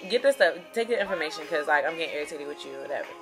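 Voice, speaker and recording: A young woman, telling a story to camera in a casual vlog, animated and profane, swinging between loud outrage and muttered asides. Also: low voice, very fast, creaky, music in the background. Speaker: vlogger.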